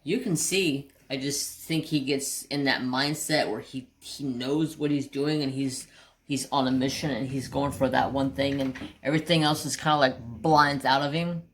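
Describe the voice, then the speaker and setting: A woman hosting a craft channel, telling a rambling, animated story with mild cursing. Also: very deep voice, moderate pace. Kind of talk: casual storytelling while crafting.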